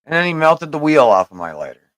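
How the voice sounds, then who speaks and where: A man's voice: a little high, big pitch swings, fast, fairly bright tone, no echo, low-quality recording. A man hosting a podcast, telling a long, profane story in a rambling, casual way. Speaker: podcast host.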